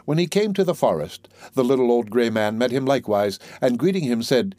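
Man, audiobook narrator, storybook narration, measured clear reading, mid pitch. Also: expressive, dark tone, dry recording.

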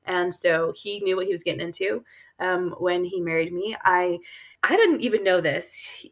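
A woman's voice: fairly low pitch, normal speed. A woman guest on an interview show, telling personal stories in an earnest, casual way, with many fillers and laughs. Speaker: guest author.

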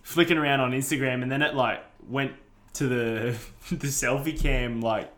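A man's voice: mid-range voice, fairly even intonation, normal speed, fairly bright tone. An Australian man telling a story in casual chat with his co-host, laughing often and slipping into slang. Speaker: podcast co-host.

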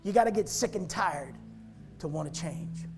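A male pastor giving a fervent altar-call sermon, repeating phrases and rising to loud shouts. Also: high-pitched, animated, moderate pace, soft background music.

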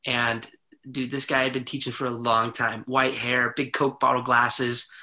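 Bright-voiced man telling his story. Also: mid-range voice, unhurried. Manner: animated, vivid retelling with acted quotes. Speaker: podcast guest. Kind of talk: personal storytelling.

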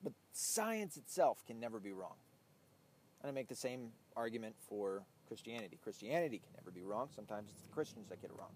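Animated, foul-mouthed man ranting while driving. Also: fairly low pitch, a little fast. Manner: profane, blunt and animated. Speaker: podcast host. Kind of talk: casual ranting monologue. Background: faint vehicle noise.

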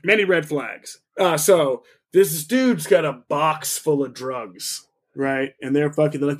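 A young man with a slightly raised voice tells a story on a podcast, lively and full of cursing. He acts out what others said as he goes, in a loose, casual way. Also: a little high, unhurried. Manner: animated, profane, acts out quotes. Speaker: podcast co-host.

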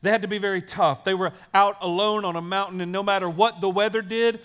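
A man's voice: sits high, fairly even intonation, fast, a bit bright, smooth. A man, a pastor, giving a sermon in a chatty storytelling way, often checking in with the listeners. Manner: conversational storytelling with frequent "right?" asides; addresses children in the congregation.

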